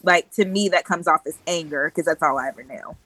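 A woman's voice: low-pitched, brisk, a bit bright, dry recording, low-quality recording. A woman in a casual group chat, thoughtful and direct.

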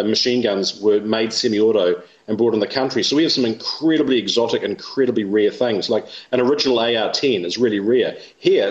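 A man, speaking as an interview guest in animated, opinionated talk. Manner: rapid and animated, mimics others in high voices. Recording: roomy, dull lo-fi sound.

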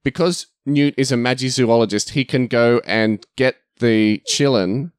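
A man's voice: mid-range voice, measured pace, smooth, dry recording. A man with a mid-range voice talks through a movie review in a blunt, exasperated way. His voice sounds close and dry, with no room around it. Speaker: podcast co-host. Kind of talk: casual movie review chat.

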